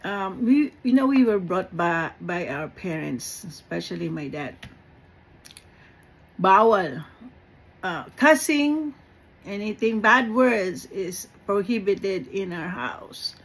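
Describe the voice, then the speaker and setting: A woman with a Filipino accent speaks slowly and without hurry in a slightly husky voice. She talks about faith in an earnest, animated way, switching into Tagalog phrases now and then and laughing lightly between thoughts. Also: mid-range voice, rough recording. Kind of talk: informal spiritual talk.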